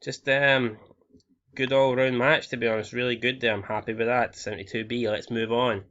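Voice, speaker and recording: A young man from Scotland talks through his game in a loose, profane way, reading out scores and ratings as he goes. His pitch sits in an ordinary middle range. The recording sounds slightly muffled and lo-fi. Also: fairly even intonation, normal speed, a bit bright. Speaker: game commentator. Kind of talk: casual let's-play commentary.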